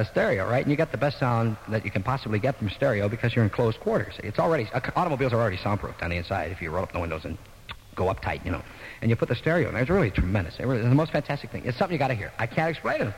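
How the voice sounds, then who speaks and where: A man's voice: medium pitch, long reverb tail, slight background noise, rough recording. Wisecracking radio disc jockey, man. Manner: wisecracking, rambling, acts out both sides of dialogues. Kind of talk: joking radio patter and ad reads. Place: radio studio.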